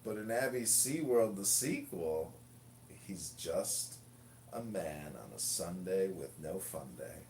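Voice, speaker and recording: Deep-voiced man joking on an audio app. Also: animated, slow pace, a little mellow, echoey room, slight background noise. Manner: mock-solemn reciting, crude jokes. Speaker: host.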